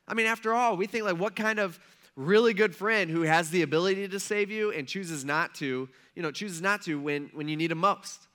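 A man's voice: high voice, sharp tone. A male pastor giving a casual, conversational sermon, retelling a story and checking in with listeners as he goes.

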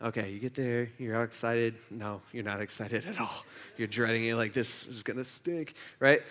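A man's voice: medium pitch, steady tone, normal speed, a bit bright. A man giving a casual, chatty sermon, telling a story and checking in with his audience. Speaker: pastor.

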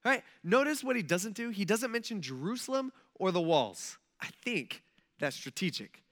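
A man's voice: high-pitched, very animated, moderate pace, fairly bright tone. A man preaching a sermon in a conversational style, full of asides to his listeners. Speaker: pastor. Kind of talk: casual sermon.

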